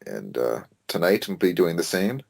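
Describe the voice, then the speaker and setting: A man co-hosting a podcast in casual chat, excitable and swearing casually, often restarting sentences. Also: sits low, normal speed, gravelly. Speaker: podcast co-host.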